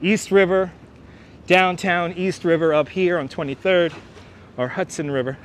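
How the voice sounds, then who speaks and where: A man's voice: high voice, steady tone, unhurried. Chatty New York man on a walking livestream. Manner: chatty, jokey, addresses the chat. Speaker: livestream host. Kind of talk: live walking tour commentary. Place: outdoors on a city waterfront. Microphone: wireless clip-on mic. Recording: outdoor street noise from wireless mic.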